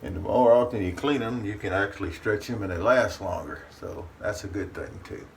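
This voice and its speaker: Speaking from his bathroom to the camera, a man hosts his shaving channel in a casual, folksy chat and refers to himself in the third person. His voice is lowish, brisk and creaky. The mic sits at a distance, picking up faint room noise.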